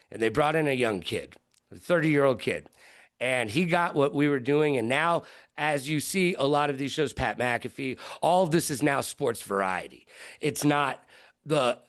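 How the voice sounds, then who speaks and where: A middle-aged man, a broadcaster, telling stories in an interview with lively quoted voices. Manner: lively, jumps into high-pitched quoted voices. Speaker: guest broadcaster. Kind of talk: animated storytelling in an interview.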